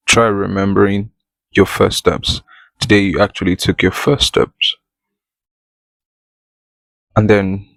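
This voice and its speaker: A man's voice: sits low, creaky, a bit bright, no echo, poor audio. A man hosting his own podcast, talking straight to the listener in a playful, conversational way. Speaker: podcast host. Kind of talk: solo podcast monologue.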